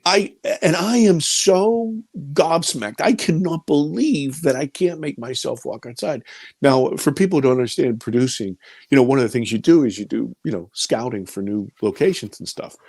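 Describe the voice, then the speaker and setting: A middle-aged man with a mid-range voice recounts a personal experience as an interview guest. He is animated and emotional, repeating himself and dropping from loud bursts to near-whispers. The sound is dry and close, with no room echo. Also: mid-range voice, fairly quick, husky. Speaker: film producer and director as interview guest.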